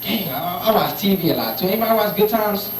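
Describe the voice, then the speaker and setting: A teenage boy working a stand-up set, his pitch swinging widely as he tells stories and jumps into the voices of the people in them. He sounds far from the mic in an echoey club, with loud hiss and room noise behind him. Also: fast. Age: teens. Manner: animated storytelling with many acted-out voices. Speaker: stand-up comedian. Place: comedy club stage.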